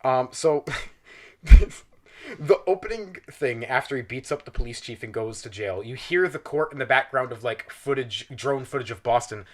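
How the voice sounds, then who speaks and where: A man's voice: medium pitch, moderate pace. A young man on a podcast, animatedly and profanely ranting through a comedic film review. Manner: animated, exaggerated, profane storytelling. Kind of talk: casual comedic rant.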